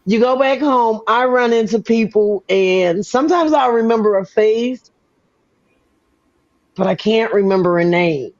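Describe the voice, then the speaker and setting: A woman's voice: fairly high pitch, a little slow, a little mellow, lo-fi sound. An older woman from the Gullah Geechee region, hosting an interview with Southern Gullah Geechee traces and a folksy, storytelling way of repeating words. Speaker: host. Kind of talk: casual interview chat.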